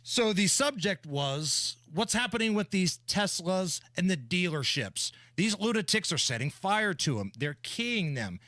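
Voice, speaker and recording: A man co-hosting a talk radio show, talking in an animated, sarcastic way into a studio microphone. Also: high voice, unhurried, hardly any pauses, dry recording. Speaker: radio co-host.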